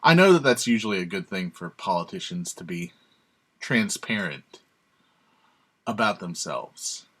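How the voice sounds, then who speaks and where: A man's voice: low-pitched, animated, unhurried, pauses often, fairly bright tone, slightly rough. A man hosting his own channel, giving sarcastic, emphatic opinionated commentary and chuckling to himself. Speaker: channel host.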